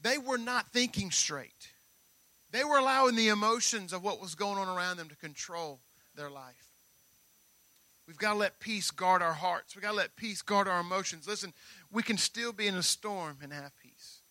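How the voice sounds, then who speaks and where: A man's voice: high voice, normal speed, bright, forceful tone, dry recording. A male pastor preaching a sermon, emphatic and full of repeated phrases.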